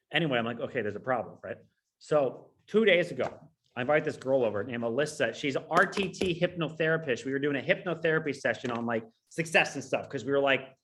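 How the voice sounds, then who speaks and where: A man in his thirties from California, telling a personal story in a casual, profane, rambling way, on a low-quality recording. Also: fairly bright tone. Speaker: online business coach.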